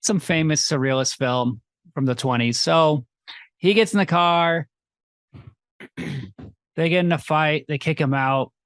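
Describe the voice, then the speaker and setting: A man's voice: fairly high pitch, fairly bright tone, smooth, no room sound. Rambling podcast co-host man, dry close mic. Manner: rambling plot recap, acting out characters in quick mocking voices. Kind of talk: casual film-review chat.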